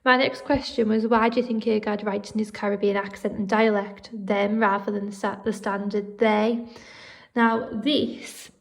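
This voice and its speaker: A woman teacher talking through a poem's quotations in a steady, explanatory way, with occasional fillers. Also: mid-range voice, normal speed. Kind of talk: recorded poetry analysis lesson.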